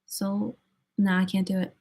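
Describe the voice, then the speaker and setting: A woman's voice: mid-range voice, flat delivery, unhurried, darkish tone. Giggly young woman chatting on a livestream. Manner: chatty, giggly, thinks aloud with many "like"s. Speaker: livestream host. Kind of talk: casual chat answering viewers.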